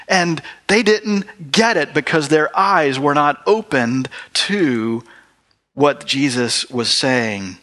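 A man's voice: on the high side, lively intonation, slow pace, sharp tone. A man preaching a sermon in an earnest way, reading scripture and acting out the people in it. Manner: earnest, acts out quoted voices.

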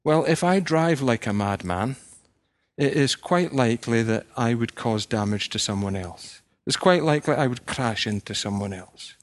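A man preaching a sermon, explaining scripture step by step and posing rhetorical questions. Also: mid-range voice.

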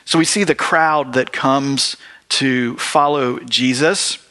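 A man's voice: mid-range voice, pushed and bright. A man preaching a sermon in an earnest way, reading scripture and acting out the people in it. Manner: earnest, acts out quoted voices.

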